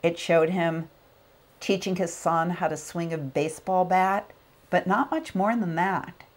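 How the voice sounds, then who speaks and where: A woman's voice: on the low side, a little slow. A middle-aged woman giving a motivational talk, telling a personal story and acting out the quotes. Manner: animated storyteller, acts out quotes. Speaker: motivational speaker.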